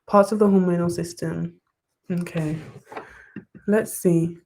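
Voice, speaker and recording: A young woman on a live study stream, reading questions aloud and reacting with bursts of excitement as she talks to her viewers. Her voice sits a little low for a woman. She sounds like she is at her desk at home. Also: slow, vocal fry. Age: young adult. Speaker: study vlogger. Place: bedroom desk, wrapped in blankets.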